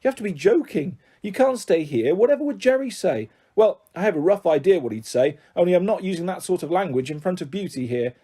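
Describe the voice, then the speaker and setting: A man's voice: fairly high pitch, lively intonation, fast, few pauses, warm tone. A man voicing a self-centred middle-aged aunt who talks in a chatty, bossy and dismissive way.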